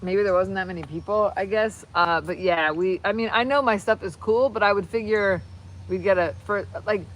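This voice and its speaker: A woman hosting a casual livestream on her phone while crafting, rambling and excitable, often breaking off mid-sentence. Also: medium pitch, moderate pace, low-quality recording. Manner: rambling, excitable, self-interrupting. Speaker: channel host.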